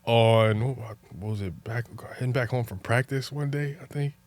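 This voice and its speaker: A young man with an ordinary mid-range voice talks like a relaxed podcast guest, easygoing at first, then more animated and laughing as his stories build. The sound is dry and close, with no room around it. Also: mid-range voice, normal speed, dry recording. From New Jersey. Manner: laid-back, animated when telling stories, laughs often. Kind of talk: casual storytelling chat.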